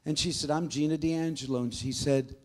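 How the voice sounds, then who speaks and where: A man pastor preaching a sermon, telling stories in a dramatic storytelling manner and building to forceful proclamations. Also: fairly high pitch, steady tone, fairly quick.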